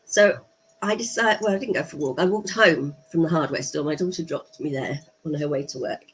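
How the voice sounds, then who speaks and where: A woman's voice: deep voice, fairly quick, poor audio. English woman, middle-aged, rambling friendly vlog chat while walking, camera mic, slight background hiss. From England. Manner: chatty and rambling, talks to viewers. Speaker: vlogger. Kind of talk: casual vlog commentary. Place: outdoors on a walk.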